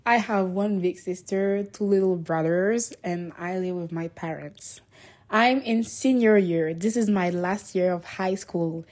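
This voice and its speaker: A seventeen-year-old girl from Niger hosting her first podcast, chatty and excitable, with self-conscious asides. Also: on the low side, a little slow. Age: teens. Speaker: podcast host. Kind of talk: casual solo podcast talk.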